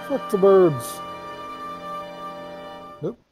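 A man's voice: sits high, expressive, very slow, loud music behind the voice. A man co-hosting a game let's play, rambling and joking in casual chat. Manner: rambling, joking, fillers and restarts.

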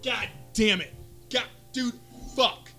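A man's voice: extremely high pitch, takes it slowly, pushed and bright, faint music behind. A man playing a card video game with a friend, commenting casually and ranting with lots of profanity. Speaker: gamer.

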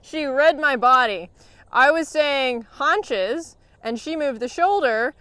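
This woman, a horse trainer, describes a training session slowly and calmly, offering encouragement and regular praise for her horse. Her voice is high, and there's no echo.

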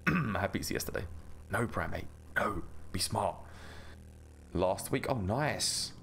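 A man's voice: lowish voice, lively intonation, slow pace, gravelly, fairly bright tone, a little hiss or hum. A man hosting a gaming channel, chatting through gameplay in a rambling, self-mocking way. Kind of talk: casual gameplay commentary.

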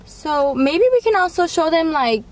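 Chatty young woman, slightly high voice. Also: expressive, normal speed, rough recording. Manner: eager and chatty. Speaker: vlogger. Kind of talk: casual chat.

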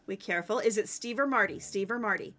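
A woman streaming a game live, commenting excitedly to her chat and teammates. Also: medium pitch, fast talker.

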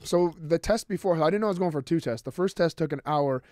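Fast-talking man telling a story. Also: a little high, no room sound, clean studio sound. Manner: storytelling, swears freely, animated retelling. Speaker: podcast co-host. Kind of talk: casual comedic chat.

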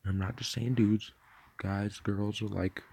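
A man's voice: on the low side, flat delivery, measured pace, gravelly, darkish tone, slightly rough. A man rambling through a casual vlog from his bed at night, full of fillers and swearing. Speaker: vlogger.

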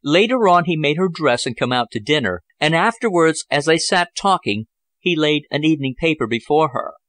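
A man narrating a novel chapter as an audiobook, in a measured, even storytelling manner. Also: on the high side, dry recording. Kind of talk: scripted narration.

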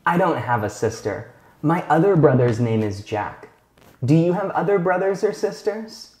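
Man teaching slowly in an echoey room. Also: fairly high pitch, big pitch swings, a little mellow. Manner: slow, clear teacher talk with frequent check-in questions. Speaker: English teacher. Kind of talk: video lesson for learners.

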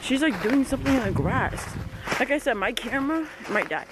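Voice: high-pitched, big pitch swings, a little fast, noisy background. A vlogger walking through woods with a handheld camera, exclaiming and calling to pets. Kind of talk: casual outdoor walking vlog. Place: outdoors in woods.

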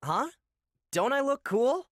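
A woman's voice: high-pitched, big pitch swings, takes it slowly, no room sound, studio quality, exaggerated voice. A woman voicing a smug, artsy teenage boy ninja in a game cutscene, needling and matter-of-fact. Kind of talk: video game cutscene dub.

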